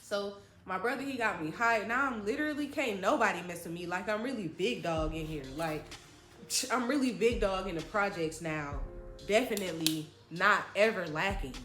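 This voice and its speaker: A woman's voice: mid-range voice, moderate pace, fairly bright tone. A young woman telling a dramatic, slangy story from her childhood in a vlog. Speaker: vlogger. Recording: echoey room with faint music.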